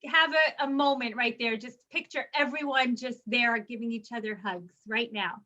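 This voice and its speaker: A woman's voice: a little high, moderate pace, sharp tone, lo-fi sound. A woman hosting a casual interview, friendly and encouraging as she chats with her guest. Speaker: host.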